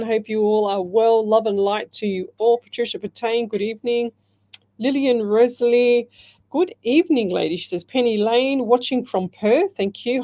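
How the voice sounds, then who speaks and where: Woman, middle-aged, live radio host in a studio; mellow tone, rambling, filler-heavy delivery. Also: medium pitch. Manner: chatty, rambling, many fillers and restarts. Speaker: radio host and psychic medium. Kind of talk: live radio call-in chat. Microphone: headset.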